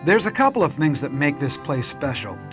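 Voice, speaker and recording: A man narrating a local television documentary in a measured, clear storytelling voice. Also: on the high side, very animated, over music. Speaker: program narrator and host.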